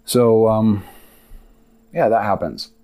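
A man's voice: on the low side, slow, warm tone. A man hosting a podcast, telling a long personal story in a rambling, confessional way with many fillers. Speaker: podcast host. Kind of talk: casual storytelling monologue.

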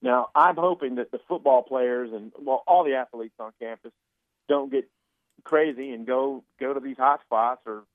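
A man talks sports over a thin, phone-line sound with a dry, close tone. His speech is relaxed and chatty, and he doubles up words as he goes. His pitch sits in the middle range. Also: normal speed, no echo. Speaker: newspaper sportswriter calling in. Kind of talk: casual sports chat.

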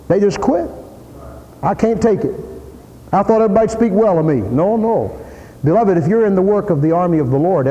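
A man preaches a sermon in a church, hammering each point again and again and climbing to loud peaks. His voice sits a little high yet sounds warm and mellow. A long reverb from the hall trails behind him. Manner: emphatic, repeating lines and rising to shouted peaks.

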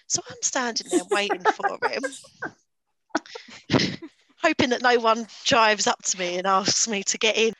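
A woman's voice: on the high side, lively intonation, unhurried, long pauses, pushed and bright, no room sound, poor audio. A woman telling a dating story in casual podcast chat, chatty with lots of fillers and bursts of laughter.

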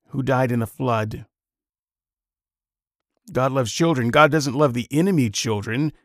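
A man picks apart a video clip with heavy sarcasm, drawing his words out slowly. His voice has a gravelly edge. The sound is dry and close, with no room around it. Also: mid-range voice, dry recording. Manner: mocking, incredulous, sardonic. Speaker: commentator reacting to a video clip. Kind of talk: sarcastic commentary.

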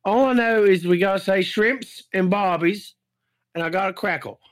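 A man's voice: high-pitched, moderate pace, close to an everyday voice. A man playing a bumbling, rambling Australian co-host in an improvised comedy sketch, with a put-on Australian accent. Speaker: podcast co-host.

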